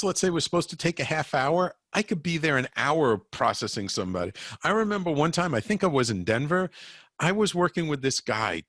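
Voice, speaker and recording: A man who works as an energy healer, a guest on an interview show, telling animated anecdotes with stammered restarts. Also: fairly high pitch, no echo, clean studio sound. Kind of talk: casual interview storytelling.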